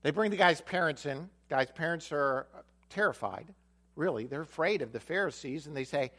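Lively storytelling male preacher. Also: a little high, moderate pace. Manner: storytelling, acts out the dialogue of a Bible story; repeats phrases for emphasis. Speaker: pastor. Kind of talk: sermon.

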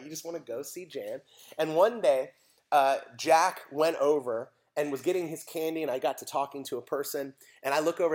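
A man, preaching a sermon and telling animated stories with acted voices. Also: medium pitch. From United States. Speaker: pastor.

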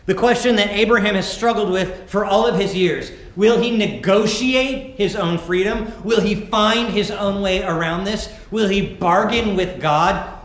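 Male pastor, slightly high voice, dramatic scripture reader; very echoey church hall. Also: a little slow, few pauses. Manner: dramatic reading, swinging between loud calls and hushed narration. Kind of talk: sermon with scripture reading. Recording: very echoey hall, faint background noise.

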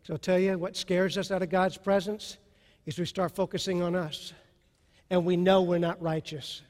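A male pastor preaches with a high, ringing voice, pushing his lines out with fervor and then pulling back to a hush. Long reverb from a large hall trails every phrase. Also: level tone, normal speed. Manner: impassioned preaching that swings from soft to loud. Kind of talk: sermon.

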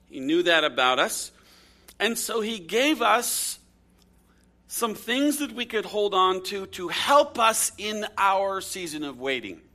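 A man preaching a sermon in a bright, fairly high voice. He tells stories and reads scripture aloud, swinging his pitch and loudness widely for drama. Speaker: pastor.

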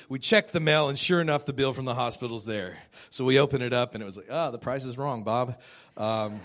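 A man tells his personal testimony in a conversational, storytelling style, poking fun at himself and laughing readily. His voice is mid-range and a little bright.

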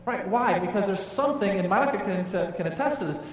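A man's voice: sits high, lively intonation, brisk, slight background noise. A male pastor preaching a sermon, emphatic and conversational, often asking the congregation questions. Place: church sanctuary. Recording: echoey hall, voice from far off.

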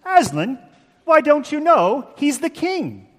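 A man voicing an excitable male beaver from a children's story with a put-on English accent. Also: extremely high pitch, takes it slowly, long reverb tail, pitched above the performer's own voice, exaggerated voice. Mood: excited. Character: excitable talking male beaver, eager and proud.

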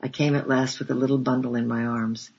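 A man narrating a storybook in a measured, steady reading voice. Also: medium pitch, vocal fry, husky. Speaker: audiobook narrator. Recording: dull lo-fi recording.

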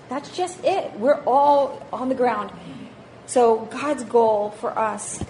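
A woman's voice: a little high, a little mellow, slight background noise. A woman in her thirties, a mother of five, giving a chatty, self-mocking talk on parenting and faith to a church group, laughing often. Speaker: speaker at a parenting session.

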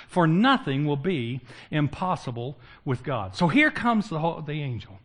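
A man's voice: a little high, unhurried. A man preaching a sermon, retelling Bible stories and acting out the characters with humor. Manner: lively, acts out biblical characters with humor. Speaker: pastor.

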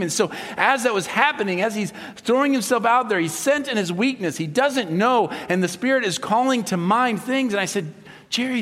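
A high-pitched male pastor preaches a sermon, telling stories animatedly and acting out the voices of the people he quotes. The recording carries a long hall reverb.

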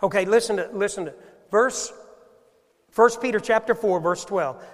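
A male pastor preaching a sermon, asking the congregation questions and moving between loud emphasis and hushed asides. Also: high voice, normal speed, long pauses. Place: church sanctuary. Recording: long hall reverb.

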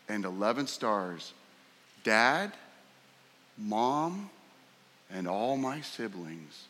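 A man preaching a sermon, emphatic and fond of rhetorical questions, sometimes jumping sharply higher to act out a scornful voice. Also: fairly bright tone. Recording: long hall reverb.

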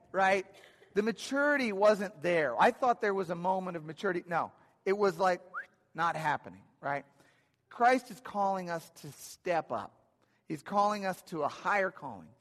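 A man's voice: high voice, fairly bright tone. A man preaching a sermon, telling stories in a conversational way with dry humor. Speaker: pastor. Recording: long hall reverb.

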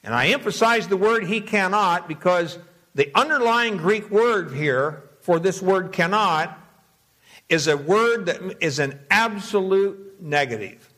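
A man preaching an expository sermon with a slightly higher-pitched voice. He teaches in a measured way, reading scripture in old-fashioned wording and slowing down to stress single words. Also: lively intonation, fairly bright tone. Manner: measured teaching, slows to dwell on key words; reads scripture aloud in King James wording.

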